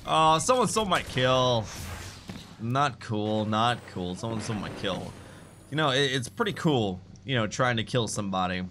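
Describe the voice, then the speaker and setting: Excitable young man over game gunfire. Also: mid-range voice. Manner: excitable, jokey, sudden shouts. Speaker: gaming YouTuber. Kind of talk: live gameplay commentary. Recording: gunfire noise behind voice.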